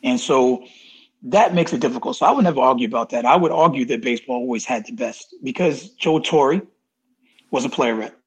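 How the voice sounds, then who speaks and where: Here an interview guest, a fifty-something man who works in college athletics administration, talks a little fast in a slightly rough, medium-pitched voice. His manner is casual and emphatic, with key phrases repeated for stress, and the recording is low quality.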